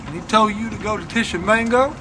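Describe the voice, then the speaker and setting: A man's voice: sits high, fast talker, lightly acted. An actor playing a naive, curious country man, asking wondering questions in a film clip with outdoor noise.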